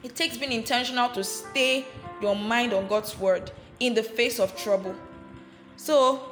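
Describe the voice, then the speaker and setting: A woman's voice: fairly high pitch, a little slow, a bit bright, soft background music. A woman preaching a sermon with fervour, often calling out hallelujah and amen and repeating phrases for emphasis. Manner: addresses listeners directly and repeats phrases for emphasis. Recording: roomy, echoey sound.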